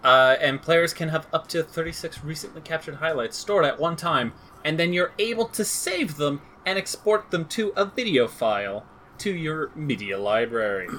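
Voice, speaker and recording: A man with a bright, forward voice runs through game update notes on a casual podcast. He jokes and rambles, poking fun at himself and his co-host. A faint hum of background noise sits under the recording. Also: a little high, animated, normal speed. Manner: joking, rambling, self-deprecating. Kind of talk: casual chat reading game patch notes.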